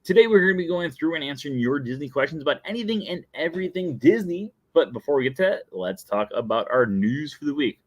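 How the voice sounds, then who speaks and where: Young man, livestream host, casual chat, bouncy animated voice, dry room. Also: fairly high pitch, fast, few pauses, no echo. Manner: playful and chatty, breaks into sung jingle and laughs. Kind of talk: casual live-stream chat.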